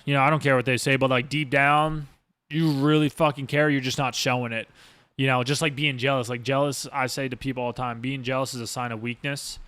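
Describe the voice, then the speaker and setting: A man's voice: medium pitch, flat delivery, fairly quick, a bit bright, dry recording. A man hosting a casual podcast monologue as a streamer, rambling and emphatic with lots of swearing. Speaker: streamer host.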